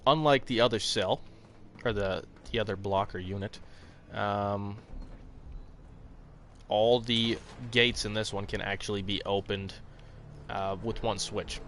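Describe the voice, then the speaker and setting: Chatty low-voiced male game streamer. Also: steady tone, unhurried, fairly bright tone, slight background noise. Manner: rambling, chatty, talks to viewers by name with frequent fillers; swears casually. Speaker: gaming streamer. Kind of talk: casual live-stream commentary.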